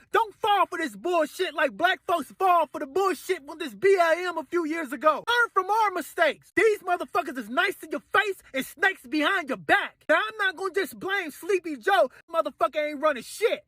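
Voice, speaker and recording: A man delivering an angry, profanity-laced rant to the camera, repeating himself and breaking into shouts. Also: extremely high pitch, dry recording, studio quality. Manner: heated, cursing, repetitive, bursts of shouting. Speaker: commentator ranting to camera.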